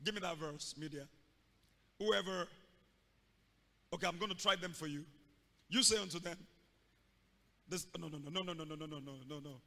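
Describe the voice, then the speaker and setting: A male pastor preaching a sermon, acting out scenes and bursting into loud shouts. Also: fairly high pitch, normal speed, vocal fry, pauses often. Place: church hall. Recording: long reverb of a large hall.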